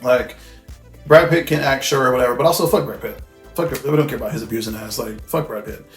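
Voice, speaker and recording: A man talks through a film scene by scene in a relaxed, slangy way, with frequent swearing and fillers. His voice sits at a middle pitch. The room sounds echoey, and faint music plays underneath. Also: quick pace. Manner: loose, slangy, swears freely. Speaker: film reviewer. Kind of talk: casual film recap.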